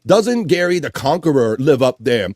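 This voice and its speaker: A man's voice: mid-range voice, moderate pace, no room sound, clean studio sound. A man hosting a live stream show, casually reading out viewer comments with jokes and frequent laughter. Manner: animated and jokey, laughs often. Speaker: livestream show host.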